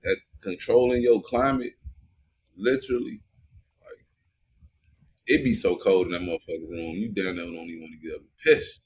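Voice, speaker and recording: A man's voice: deep voice, moderate pace, pauses often, slight background noise. A man co-hosting a podcast, chiming in with laid-back, profane banter. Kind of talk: casual comedic chat.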